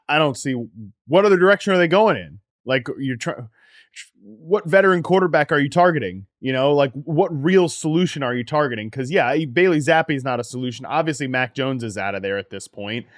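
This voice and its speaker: A man's voice: no room sound, clean studio sound. A man co-hosting a fantasy football podcast, talking in a casual analytical way as he moves the conversation from team to team. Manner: energetic, runs the segments and pitches the questions. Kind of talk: casual sports analysis chat.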